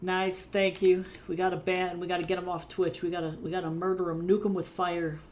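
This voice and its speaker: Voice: mid-range voice, level tone, fairly quick, a little mellow, a little hiss or hum. An art livestreamer chatting loosely and swearing freely while drawing at a desk mic.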